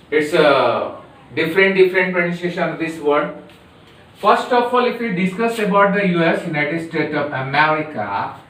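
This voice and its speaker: A man with an Indian English accent and a fairly high voice runs a slow pronunciation drill, saying each word over and over with great care. He sounds far from the mic, in a very echoey room. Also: fairly bright tone. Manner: slow and deliberate, repeating each word many times. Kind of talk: classroom pronunciation lesson. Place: classroom or coaching centre.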